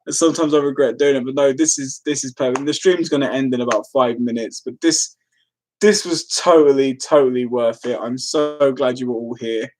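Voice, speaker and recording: A woman's voice: very deep voice, a little fast, a little mellow, a little hiss or hum. An Irish woman chatting casually on a live stream, giggling and breaking into frequent fits of laughter.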